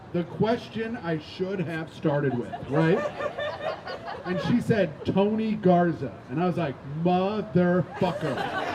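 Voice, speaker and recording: A man from Indiana doing a stand-up set outdoors on a rooftop, telling rambling self-deprecating stories, swearing and joking with the crowd. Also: high voice. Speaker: stand-up comedian. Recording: outdoor noise behind the voice.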